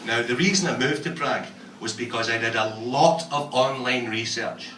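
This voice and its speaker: Crude, punchy Scottish comedian. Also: male voice, mid-range voice, moderate pace, sharp tone, a little hiss or hum. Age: 40s. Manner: crude, punchy, teasing the crowd. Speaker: stand-up comedian. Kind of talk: stand-up comedy set. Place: comedy club stage in a bar. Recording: echoey room from far off, crowd. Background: audience laughter.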